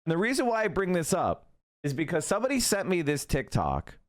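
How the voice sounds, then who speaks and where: Animated, ranting male streamer. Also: on the high side, brisk. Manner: animated, profane ranting with tangents. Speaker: streamer host. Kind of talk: live-stream political commentary.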